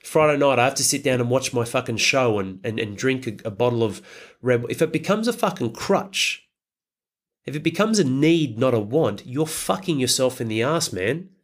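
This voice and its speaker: A man's voice: mid-range voice, animated, normal speed. A middle-aged man giving a blunt, emphatic motivational talk as a coach for fathers, swearing heavily.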